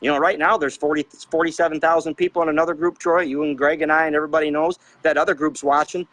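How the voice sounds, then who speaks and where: A man's voice: a little high, flat delivery, quick pace, fairly bright tone, dry recording, rough recording. A middle-aged man on a panel show, ranting with fiery, preachy anger and firing off rhetorical questions as a trucker advocate. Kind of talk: impassioned rant.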